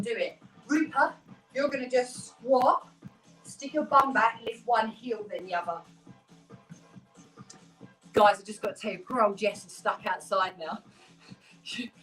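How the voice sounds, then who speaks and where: A woman's voice: on the high side, a little slow, long pauses, a bit bright, roomy sound, distant mic, faint music behind, low-quality recording. A woman fitness instructor leading a live workout class, giving upbeat, encouraging cues and counting down the reps.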